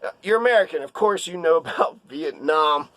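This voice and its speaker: Heated male commentator, sarcastic rant, high-pitched, dry close mic. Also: expressive, normal speed, sharp tone, no room sound. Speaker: political commentator. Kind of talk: casual ranting commentary.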